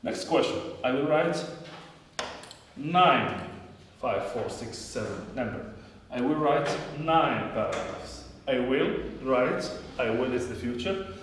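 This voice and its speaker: A man's voice: medium pitch, animated, slow, fairly bright tone, slight background noise. A man teaching an English grammar lesson, repeating phrases again and again as he drills his students. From Morocco. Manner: repetitive, drills phrases over and over. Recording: echoey room, voice from a distance.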